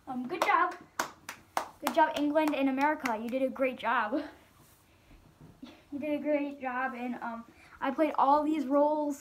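A woman's voice: sits high, a little hiss or hum. A young woman wrapping up a homemade video at home at night, rambling with many ums. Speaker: video creator. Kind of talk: casual outro to camera.

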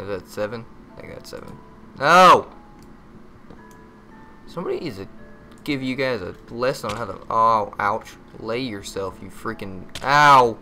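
A man gives casual gameplay commentary, muttering to himself, yelping and cursing at the game when frustrated, and cracking crude jokes. His voice is fairly low, bright, and forceful.

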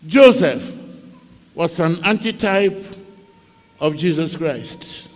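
A man's voice: a little high, very animated, slow. Ghanaian preacher man, swoops up and down a lot, dramatic story sermon, hall echo. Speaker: pastor.

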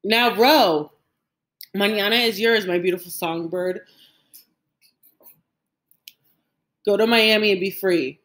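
Guilt-haunted old grandfather read by a woman, earnest, mid-pitched, audiobook. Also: normal speed, fairly bright tone, echoey room, close to an everyday voice. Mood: calm, resolved. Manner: earnest, pleading, grief-stricken.

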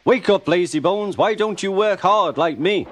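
Brief: squeaky, bratty little tank engine, put on by a man, lively swings, over a music bed. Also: normal speed, slight background noise. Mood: cheeky taunting. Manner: rude, teasing, then whiny. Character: cheeky fussy little male tank engine.

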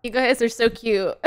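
A woman livestreamer is crying and laughing at once, gushing and breathless with emotion. Her voice sits a little high. She speaks slowly. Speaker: game streamer. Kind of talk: livestream commentary.

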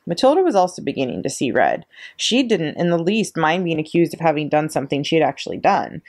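A librarian reading a children's chapter book aloud, steady and expressive. Her voice sits low but moves a lot in pitch, keeping the story lively. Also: husky.

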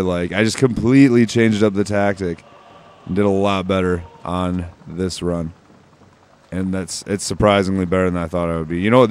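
A man's voice: lowish voice, clean tone. A man giving casual, offhand let's-play commentary over a walkthrough, swearing freely and dropping wry jokes. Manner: jokey, wry asides. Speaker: gameplay commentator.

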